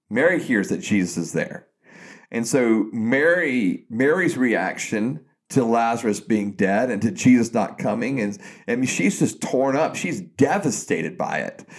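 A man co-hosting a podcast, chatting casually about faith and retelling a story with frequent restarts. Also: mid-range voice. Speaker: podcast co-host.

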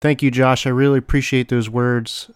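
A man's voice: mid-range voice, level tone, moderate pace, clear, resonant tone, dry recording, studio quality. A young adult man hosting a podcast, earnestly reading farewell thank-yous from notes with small slips. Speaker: podcast host.

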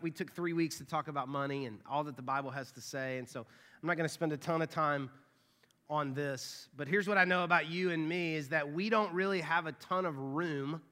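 A man's voice: fairly high pitch, pushed and bright. A man in his thirties preaching a sermon as pastor, earnest, often dropping to a near whisper for emphasis. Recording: long church hall reverb.

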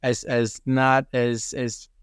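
A man's voice: medium pitch, little pitch movement, slow, clean tone, no room sound, studio quality. A man being interviewed, earnestly recounting a personal experience with many restarts and fillers. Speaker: podcast guest. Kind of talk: conversational storytelling.

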